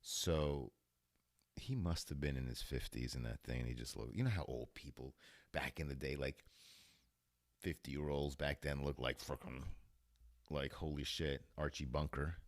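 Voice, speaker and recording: A man's voice: rumbling low, fairly even intonation, moderate pace, no room sound, studio quality. A man hosting a podcast in a casual, rambling monologue, laughing often. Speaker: podcast host.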